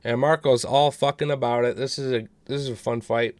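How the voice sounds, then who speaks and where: Smooth-voiced man talking fight picks. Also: mid-range voice, fairly even intonation, brisk, no echo. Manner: laid-back, profane, chatty. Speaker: podcast co-host. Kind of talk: casual podcast banter and fight picks.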